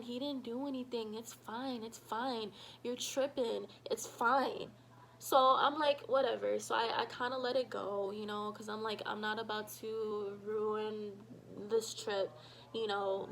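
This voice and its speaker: A woman telling a personal story in a casual vlog, animated and full of fillers, acting out what people said. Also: medium pitch, gravelly, slight background noise, low-quality recording. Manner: animated, shouts quoted lines, many fillers. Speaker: storytime vlogger.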